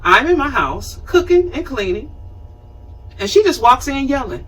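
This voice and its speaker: A woman in her fifties hosting a talk show, telling a personal story in an animated, conversational way and acting out scenes. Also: high-pitched, moderate pace, husky, recorded from a distance, low-quality recording. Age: 50s. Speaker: show host.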